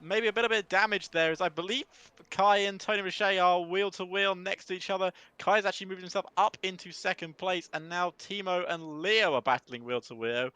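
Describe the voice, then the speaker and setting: A man commentating a sim race, doing brisk play-by-play calling. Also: high voice, sharp tone, clean tone, no room sound. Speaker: sim racing lead commentator.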